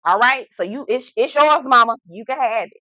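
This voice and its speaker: A woman's voice: on the high side, lively intonation, moderate pace, bright, forceful tone, no echo, poor audio. A woman voicing a weary man prince who pleads and keeps saying "girl". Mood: resigned. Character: weary male prince yielding his claim.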